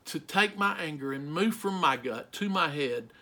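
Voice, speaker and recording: A middle-aged male pastor preaching a sermon, slow and emphatic, asking the listeners rhetorical questions. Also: a little high, lively intonation, pushed and bright.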